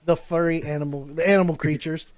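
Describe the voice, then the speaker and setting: A man narrating as game master of a tabletop game, prompting the players in a relaxed way. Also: a little high, fast.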